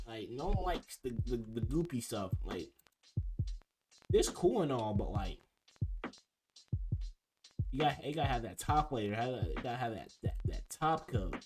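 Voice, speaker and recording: A young man talks through his thoughts in a loose, offhand way, often trailing off and starting over. His pitch sits in a middle range. Music plays clearly underneath him. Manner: rambling, trailing off and restarting. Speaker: video creator ranking food. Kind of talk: casual commentary. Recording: music playing behind.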